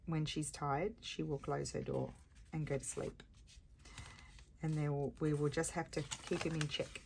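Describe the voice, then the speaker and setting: A woman with a low, deep-set voice chats away while she glues and trims her pages at the craft table. She rambles easily from thought to thought, filling the gaps with ums and soft laughs. A faint hiss sits under her voice. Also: level tone, measured pace, creaky. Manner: rambling, chatty, with frequent fillers and chuckles. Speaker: crafting vlogger. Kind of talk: casual chat while crafting.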